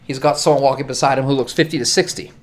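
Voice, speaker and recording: A man's voice: medium pitch, steady tone, very fast. A man narrating as game master for a tabletop game, in a casual, chatty way with laughs and fillers.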